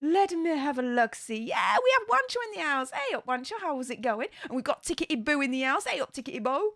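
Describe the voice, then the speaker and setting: A woman's voice: high voice, big pitch swings, fairly quick, fairly bright tone, dry recording. A woman hosting a casual livestream from her home studio, chatty and upbeat, with plenty of fillers. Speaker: livestream host. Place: home studio room in a new house.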